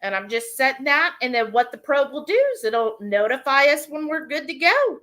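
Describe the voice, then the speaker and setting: A chatty woman co-hosting a cooking livestream from home, reading out viewer comments and answering them as she goes. Her voice sits high and swoops up and down a lot. Its tone is bright and forward. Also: animated, normal speed. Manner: chatty, reads out and answers chat messages. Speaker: co-host of a live cooking stream.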